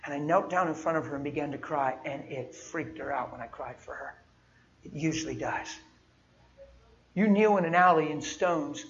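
A man preaching a sermon and telling personal stories, speaking emphatically and swinging from soft, quiet moments to loud, forceful passages. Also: fairly high pitch, dull audio.

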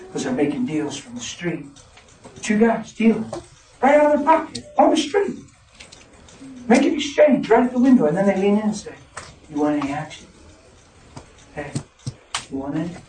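A man preaching a fervent testimony sermon, moving between shouts and hushed tones. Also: sits high. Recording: roomy, distant mic with noise.

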